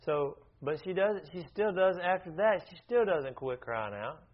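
A man's voice: high-pitched, sing-song, normal speed. A man leading an informal Bible study, talking conversationally, often restarting his sentences and asking the group questions. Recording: dull lo-fi recording.

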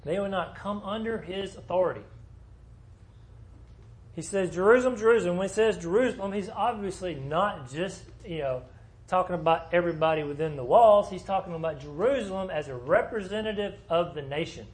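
A man's voice: high voice, moderate pace. A man teaching a small Bible class in a conversational way, asking the group questions as he explains the passage.

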